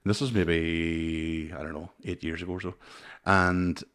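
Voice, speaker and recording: Deep-voiced man telling stories. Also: measured pace, clean tone. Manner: swears freely, animated anecdotes. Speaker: comedian podcast host. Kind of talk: casual storytelling chat.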